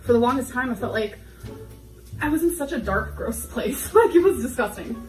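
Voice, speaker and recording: A young woman rambles through a candid confessional vlog, full of fillers and short laughs. Her voice sits slightly high and comes from a few steps off the mic. The room echoes, and soft music plays underneath. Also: lively intonation, normal speed. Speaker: vlogger. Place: home kitchen. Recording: echoey room, voice a bit far from mic, faint background music.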